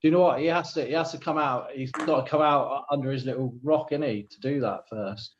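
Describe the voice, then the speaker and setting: A man chatting casually on a boxing podcast, a bit halting. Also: medium pitch, highs cut off, slight background noise.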